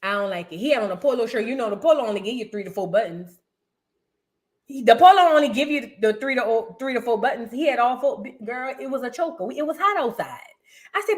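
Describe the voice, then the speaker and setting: A woman with a high, bright-sounding voice hosts her own commentary channel. She rambles in loose slang and speaks bluntly and animatedly. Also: animated, moderate pace. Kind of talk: casual reaction commentary.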